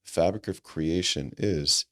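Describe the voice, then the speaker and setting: Deep-voiced man telling a heartfelt story. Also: slow pace. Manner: animated, acts out quoted dialogue, frequent restarts; earnest and reflective. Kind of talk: conversational storytelling.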